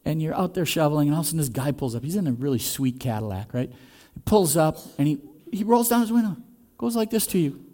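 A man preaching a sermon in a conversational way, asking the congregation questions and swinging between loud and soft. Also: a little high, animated, fast. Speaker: pastor.

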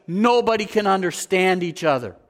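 A man delivering a sermon with a fairly high-pitched voice. He preaches in an animated way, acting out everyday scenes in different voices and putting questions to his listeners. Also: moderate pace. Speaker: pastor.

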